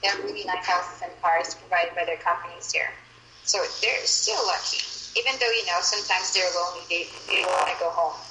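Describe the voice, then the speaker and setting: A woman's voice: on the low side, brisk, sharp tone. A young woman from Manila with a Filipino accent, chatting in a loose way with many fillers. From Philippines, Manila. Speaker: conversation partner. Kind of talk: casual chat. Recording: roomy echo.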